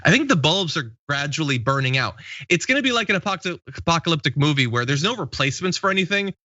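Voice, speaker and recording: A man's voice: a little high, big pitch swings, fast, pushed and bright, no room sound, lo-fi sound. A man in his late thirties hosting a casual live stream, reading viewer comments aloud and laughing easily. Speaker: show host.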